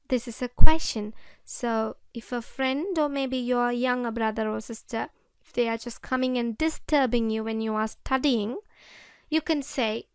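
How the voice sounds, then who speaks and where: Slow, clear Sri Lankan woman teacher. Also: on the high side, no room sound, studio quality. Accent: Sri Lankan English. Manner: repeats example sentences slowly, addresses children directly. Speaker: English teacher. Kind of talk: slow, deliberate classroom explanation.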